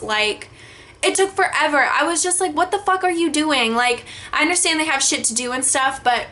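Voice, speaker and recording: A young woman telling a storytime vlog, animated, cursing often and filling her talk with "like". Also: sits high. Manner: animated, frequent swearing, many filler likes. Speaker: vlogger.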